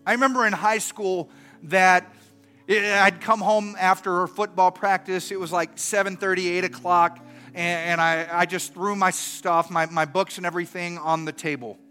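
A middle-aged man preaching a sermon and telling a story. He swings from soft and earnest to loud and animated. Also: high-pitched, moderate pace, smooth, faint music behind. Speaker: pastor.

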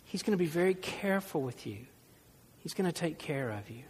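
High-voiced pastor preaching in a hall. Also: male voice, expressive, a little fast, a little mellow, slightly rough. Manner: conversational preaching with humor and asides. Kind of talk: sermon.

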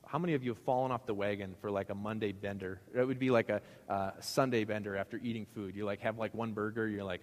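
A man's voice: on the low side, brisk. Chatty male pastor in a reverberant hall. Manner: conversational, joking with the congregation. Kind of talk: sermon.

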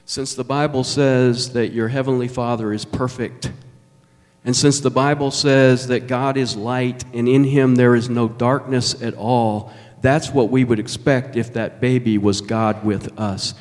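A man delivers a sermon at a slow, deliberate pace, leaning on each phrase with emphatic pauses. His voice sits in a middle register and rings with the long reverb of a large church hall. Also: mid-range voice, steady tone, darkish tone. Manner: measured, emphatic preaching with dramatic pauses. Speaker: pastor.

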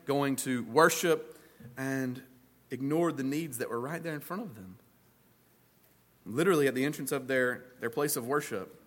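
A man's voice: mid-range voice, a bit bright. A man preaching a sermon to his church, earnest and emphatic, repeating phrases for weight and restarting mid-thought. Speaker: pastor.

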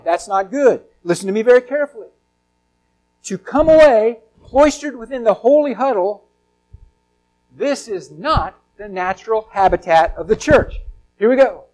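A man, a pastor, preaching a sermon with emphatic, drawn-out stresses, swinging between loud and soft and asking the congregation to repeat lines after him. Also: very high voice, low-quality recording.

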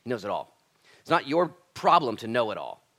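A man's voice: medium pitch, sing-song, brisk. Impassioned male pastor preaching. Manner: impassioned, swings from loud emphatic lines to hushed near-whispers; casual slangy address, says "dude" and "man". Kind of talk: sermon.

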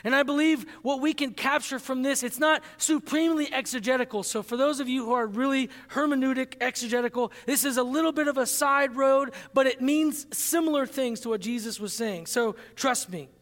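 High-voiced man preaching in a hall. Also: a bit bright. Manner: earnest, emphatic preaching with slow, stressed key phrases. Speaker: pastor. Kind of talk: sermon.

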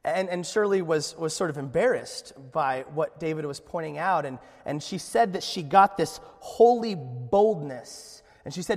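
A man preaching a sermon in a church, telling a story with lively energy and frequent restarts. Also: on the high side, measured pace, hardly any pauses, big-room sound. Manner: animated storytelling with many restarts. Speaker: pastor.

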